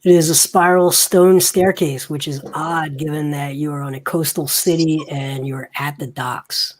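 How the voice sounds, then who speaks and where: A game master narrating a tabletop game, slow and searching for words with many fillers. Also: medium pitch, fairly even intonation.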